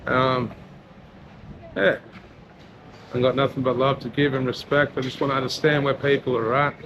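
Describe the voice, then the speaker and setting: With a medium-pitched voice at a moderate pace, an Aussie vlogger and rapper walks through a town street and mall talking casually and sincerely. He fills his speech with frequent "you know," and the outdoor recording is noisy.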